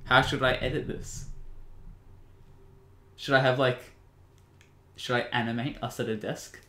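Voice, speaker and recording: A teenage boy co-hosting a casual podcast chat, animated and quick to joke. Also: mid-range voice. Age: teens. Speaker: podcast co-host. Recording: echoey room with audible noise.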